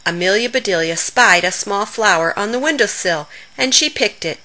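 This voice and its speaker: Woman reading a kids storybook, bright voice, lots of up and down. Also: mid-range voice, normal speed, low-quality recording. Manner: expressive, animated reading. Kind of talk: children's story read-aloud.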